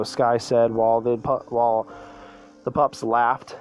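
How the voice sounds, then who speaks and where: A man's voice: medium pitch, level tone, unhurried, darkish tone, faint music behind, poor audio. Man stumbling through a storybook reading. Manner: stumbling, self-correcting reading. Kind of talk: reading a fan story aloud.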